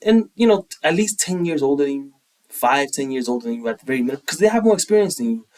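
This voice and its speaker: A young man co-hosting a podcast in casual, opinionated chat, animated and quick to act out quotes. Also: on the high side, far from the mic, low-quality recording. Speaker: podcast co-host.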